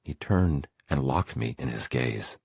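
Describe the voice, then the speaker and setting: Extremely deep, gravelly man narrating. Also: animated, a little slow, darkish tone, dry recording, clean studio sound. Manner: intense, emotional first-person storytelling. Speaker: audiobook narrator. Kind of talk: scripted memoir narration.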